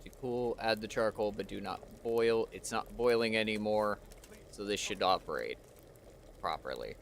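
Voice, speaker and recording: A man's voice: lowish voice, moderate pace, creaky, slight background noise. A man giving casual let's-play commentary, chatting to the game character and mocking himself as he plays. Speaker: streamer playing a video game.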